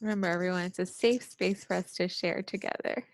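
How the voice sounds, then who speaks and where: A woman in a group workshop sharing her feelings softly and tentatively over a video call. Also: on the low side, moderate pace, no echo. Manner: soft, tentative, laughs it off. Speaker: workshop participant.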